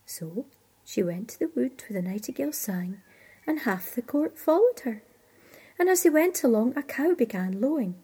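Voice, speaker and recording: Female storyteller for a fairy tale, mellow and breathy, hushed in places. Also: a little high, moderate pace. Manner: expressive, often dropping to a hush. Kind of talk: fairy tale reading aloud.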